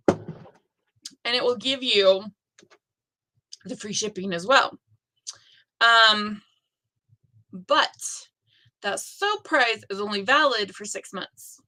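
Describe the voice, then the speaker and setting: A woman's voice: a little high, pushed and bright, low-quality recording. A middle-aged woman hosting a live stream about a stitching challenge, chatting casually and rambling with self-deprecating asides.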